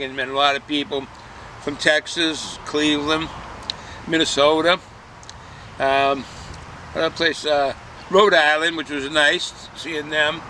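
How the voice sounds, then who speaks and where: An older man chats casually while reviewing a beer, drifting between thoughts with many fillers and restarts. His voice sits a little high and sounds bright and forceful. Faint outdoor noise runs underneath. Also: poor audio. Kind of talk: casual chat.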